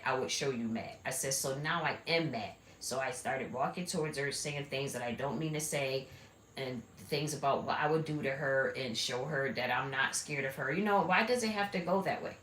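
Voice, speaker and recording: A woman live streaming, telling a rambling personal story in a blunt, repetitive, conversational way. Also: sits low. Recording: echoey room with steady background noise.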